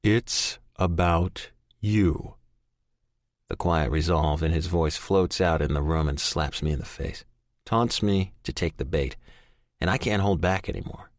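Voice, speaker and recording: Male audiobook narrator, deep and dry, brooding first-person read with raw intensity. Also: dry recording. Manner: intense, brooding, profane inner monologue.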